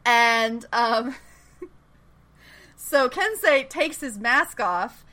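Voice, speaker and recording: A woman's voice: a little high, extremely slow. A woman co-hosting a casual podcast, recapping a TV episode with lots of laughter and playful voices for the characters. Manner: animated, laughs often, acts out characters' lines. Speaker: podcast co-host recapping a TV show. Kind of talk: casual chat.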